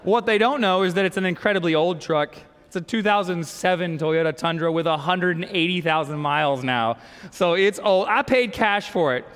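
A high, smooth, resonant man's voice with a drawl, a middle-aged pastor preaching. He tells a homespun story and often drops to a near-whisper. The sound carries a long reverb, as if in a big hall. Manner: folksy, animated storytelling with sudden soft drops. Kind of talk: storytelling sermon.

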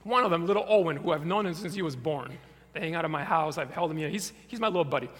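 A man's voice: a little high, quick pace, a bit bright, breathy edge. A male pastor telling a story in a sermon, acting out the voices, then praying. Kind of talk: storytelling sermon ending in prayer. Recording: echoey hall with faint hum.

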